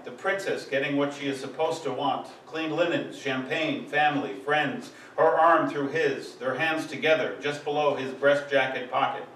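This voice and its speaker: A man's voice: medium pitch, fairly bright tone, a little hiss or hum. A man giving a live poetry reading, with a rhythmic, emphatic delivery that drives through long lists. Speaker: poet. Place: live poetry event venue. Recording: echoey room, distant mic, faint ambience.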